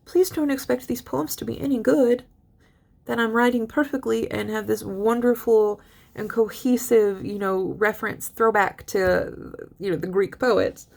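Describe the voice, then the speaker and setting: A young woman teaching a literature lesson in a chatty, lively way, reading poems aloud and paraphrasing them. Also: on the high side, measured pace, gravelly. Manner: chatty, animated paraphrasing with laughs. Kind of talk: casual lecture with poem readings.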